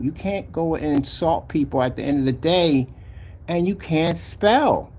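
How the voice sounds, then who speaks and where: A man's voice: a little high, lively intonation, normal speed, faint music behind. A man giving casual screen-share commentary about his own product, mocking and exasperated, repeating his points as he clicks through a website. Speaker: company owner showing his product site.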